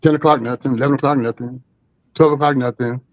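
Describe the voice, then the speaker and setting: A man's voice: medium pitch, steady tone, fast, lo-fi sound. A man telling a story as a guest on a live stream, rambling with many fillers and restarts. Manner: rambling, full of 'you know' and restarts.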